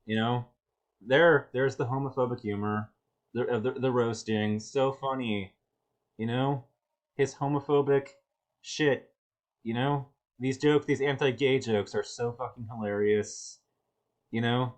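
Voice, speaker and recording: A man hosting a reaction video, commenting sarcastically with exasperated, halting restarts. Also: mid-range voice, steady tone.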